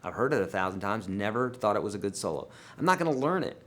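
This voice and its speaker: Animated man answering guitar questions. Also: quick pace. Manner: animated and emphatic, with sudden swings in loudness and pitch; talks straight to viewers as friends and folks. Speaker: guitar teacher hosting a live Q&A. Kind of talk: casual live Q&A, answering viewer questions.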